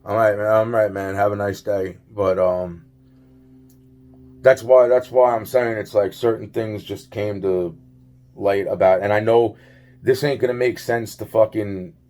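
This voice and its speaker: A man's voice: lowish voice, fairly even intonation, a little slow, darkish tone. A man giving a rambling solo video monologue, heavily profane and full of restarts and fillers, agitated and worn out. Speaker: vlogger.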